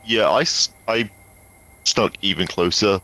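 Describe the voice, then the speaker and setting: Brief: male player, deep but sharp tone, stop-start delivery. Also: unhurried. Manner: hesitant with fillers. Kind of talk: tabletop game play.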